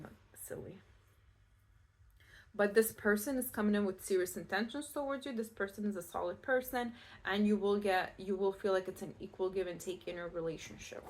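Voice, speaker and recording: A Scottish woman giving a casual pick-a-card tarot reading, chatty and reassuring, with many fillers and restarts. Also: mid-range voice. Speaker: tarot reader.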